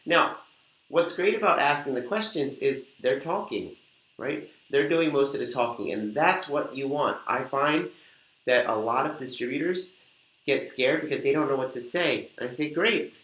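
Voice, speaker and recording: A man talks straight to camera in an upbeat coaching manner, walking viewers through sample conversations step by step. His voice sits at an ordinary middle pitch. The sound bounces around a roomy, echoing space. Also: normal speed, fairly bright tone. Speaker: host and weight-loss coach. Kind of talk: instructional talk to camera. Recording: echoey room.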